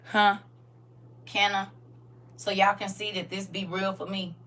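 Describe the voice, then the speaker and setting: A woman's voice: mid-range voice, level tone, measured pace, sharp tone, far from the mic. A woman talking casually and candidly to her audience on a live stream, addressing viewers directly.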